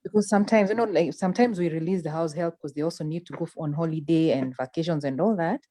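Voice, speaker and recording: Low, mellow woman guest, dry sound. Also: fast talker, no room sound. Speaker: parent guest. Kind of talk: conversational panel discussion.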